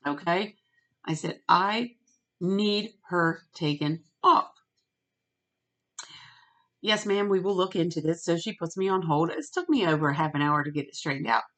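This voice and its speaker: Middle-aged woman vlogger, lower voice, animated rant with quoted dialogue. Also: fairly quick. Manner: animated, retells phone calls with quoted voices. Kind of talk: ranting storytime monologue.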